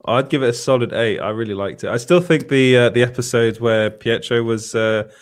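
A man as a guest in a casual chat, relaxed and measured, sometimes restarting his sentences. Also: medium pitch. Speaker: podcast guest.

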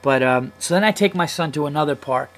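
A man's voice: a little high, brisk, faint music behind, low-quality recording. A man in his thirties hosting a comedy podcast, telling a long story in a casual, profane, heated way. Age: 30s. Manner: profane, heated, animated retelling.

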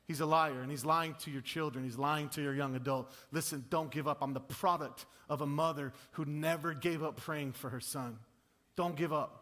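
A male pastor delivers a fervent sermon with a slightly high, bright voice. He swings from loud exhortation to quiet, intimate appeals, stumbling over repeated words as he presses his point. His voice rings out with a long reverb in a large sanctuary. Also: fairly even intonation, normal speed. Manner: impassioned, swings between booming and hushed, repeats words. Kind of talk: sermon with altar call. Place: church sanctuary.

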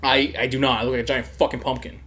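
A young man telling a story in a loose, casual chat. He is animated and profane, laughs often and acts out the people he quotes. His voice sits in an ordinary middle range. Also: mid-range voice, fast talker.

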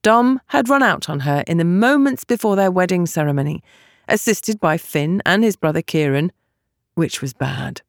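A woman narrating a novel as an audiobook, with expressive storytelling. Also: on the low side, normal speed, dry recording, clean studio sound.

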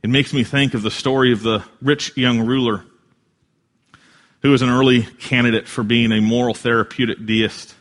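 A man preaching a sermon in an earnest way, swelling louder for emphasis and dropping soft at key lines. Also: mid-range voice, steady tone, normal speed. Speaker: pastor.

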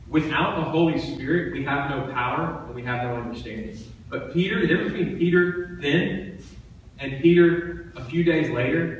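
This sermon comes from a man with a mid-range voice, a pastor who preaches in a conversational style and leans on repeated phrases to drive points home. He's recorded from afar in an echoey church sanctuary, with a bit of background noise.

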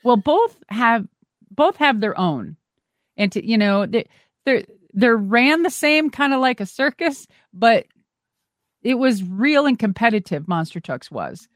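A middle-aged woman, a former wrestler and monster truck driver, telling animated stories as a guest and swearing freely. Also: on the high side, measured pace, no room sound. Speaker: interview guest. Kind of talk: casual storytelling.

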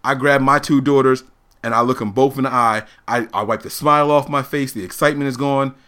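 A man in his thirties telling a family story on a casual talk show, animated and laughing often as he acts out the people in it. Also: mid-range voice, brisk. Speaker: podcast host telling a story.

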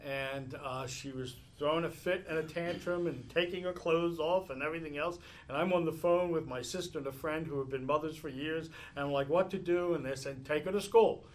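A man teaching meditation in a live talk, telling stories in an animated way and chuckling often while answering questions. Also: fairly high pitch, a little fast, hardly any pauses.

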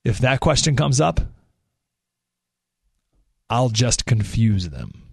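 A man doing a calm, unflappable older president. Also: medium pitch, gravelly, husky, no room sound, clean studio sound, full character voice. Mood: cool. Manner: cool, unbothered, slow.

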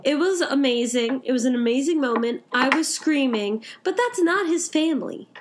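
A young woman with a high voice talks anime as a co-host, gushing freely. She strings her thoughts together with "like" in a loose, casual chat. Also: expressive, moderate pace, noisy background. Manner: gushing, heavy use of "like". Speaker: podcast co-host.

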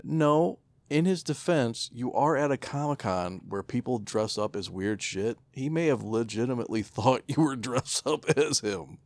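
A man's voice: medium pitch, lively intonation, moderate pace, hardly any pauses, no room sound. A man co-hosting a podcast, chatting casually with laid-back, dry replies. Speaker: podcast co-host. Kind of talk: casual chat.

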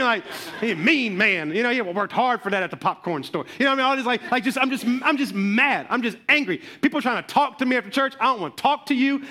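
A man preaching a sermon as pastor, telling a story and talking to his congregation in an animated way. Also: high-pitched. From Memphis, USA.

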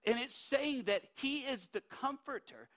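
Folksy male preacher, high bright voice, lively sermon delivery. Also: measured pace. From North Dakota. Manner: folksy, animated, with many restarts.

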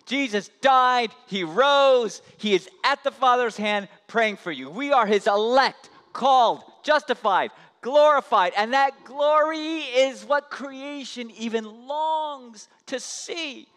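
A pastor preaching a sermon in an impassioned, emphatic way, building through repetition. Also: male voice, very high voice, slow, few pauses, a bit bright, smooth. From United States. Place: church sanctuary. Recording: long hall reverb.

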